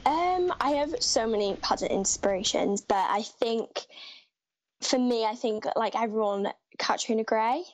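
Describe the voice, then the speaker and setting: A woman's voice: a little high, a little slow. A teenage girl from North Wales, chatting upbeat with lots of fillers as a guest in a live interview. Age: teens.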